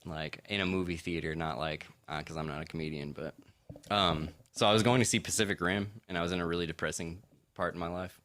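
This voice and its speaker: Guest spot: deep-voiced guy from Kentucky, loose rambling storyteller, curses a lot. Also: fairly even intonation, fast talker, fairly bright tone. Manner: rambling storyteller, swears freely. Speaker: podcast guest. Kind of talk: casual podcast chat.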